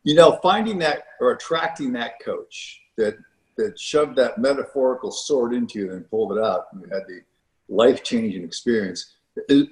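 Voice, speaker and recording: Male host with a mid-range voice, reflective and halting, recorded in an echoey room. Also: medium pitch. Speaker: podcast host. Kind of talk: interview chat.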